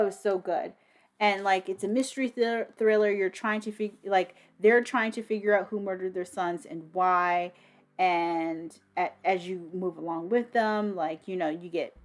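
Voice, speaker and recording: Excitable woman gushing over books. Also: fairly low pitch. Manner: enthusiastic, swears freely, many ums and restarts. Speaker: book vlogger. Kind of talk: casual book review.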